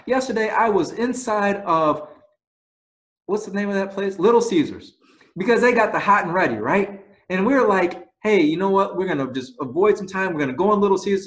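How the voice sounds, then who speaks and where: A man preaching a sermon, telling lively stories and closing in soft prayer. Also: high voice. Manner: animated storytelling, rising to loud exclaims. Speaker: pastor.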